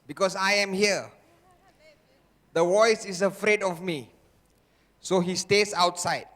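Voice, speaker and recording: Male motivational speaker, high voice, slow and deliberate, keeps firing questions at the crowd, long hall reverb. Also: fairly bright tone. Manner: repetitive rhetorical questions to the crowd. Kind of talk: seminar talk to a live audience.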